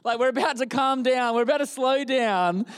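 A man preaching a sermon in church, an animated storyteller who jokes with the congregation. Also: very high voice, moderate pace, clean tone.

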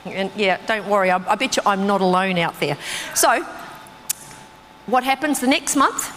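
A woman giving a sermon with a personal testimony, telling her story with animated, acted-out reactions that jump sharply in pitch. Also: normal speed, a little hiss or hum. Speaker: preacher. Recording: long reverb in a hall.

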